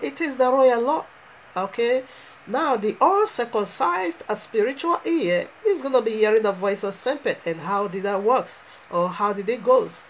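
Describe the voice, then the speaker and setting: A woman's voice: a little high, a little mellow, a little hiss or hum, rough recording. A woman preaching a fervent sermon, driving her points home with emphatic rhetorical questions.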